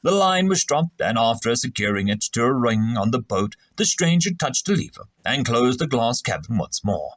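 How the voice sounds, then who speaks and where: An animated man narrating a story. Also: medium pitch, unhurried, no room sound. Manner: animated, expressive reading.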